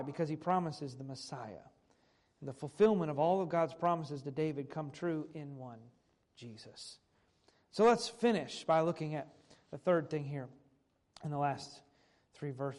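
Male preacher with a somewhat high voice, reads old scripture and then unpacks it plainly. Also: darkish tone. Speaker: pastor. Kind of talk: sermon with scripture reading.

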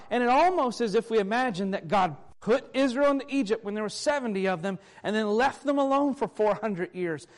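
Male pastor, fairly high voice, preaches a sermon, reads verses aloud and unpacks them. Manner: reads scripture aloud, then explains it.

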